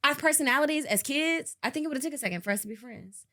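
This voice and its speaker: A woman's voice: high voice, lively intonation, bright, forceful tone. Blunt, joking young woman co-host. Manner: blunt joking banter, quick quips. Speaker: podcast co-host. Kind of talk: casual chat.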